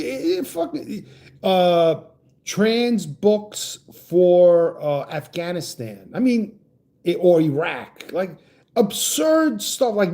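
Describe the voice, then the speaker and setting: A man rants heatedly on a livestream, his voice sitting high and swooping up and down as he argues. The tone is mellow and dark despite the pitch, and he trips into profane, stammering restarts while greeting viewers from the chat. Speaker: livestream host reading chat. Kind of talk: ranting political livestream chat.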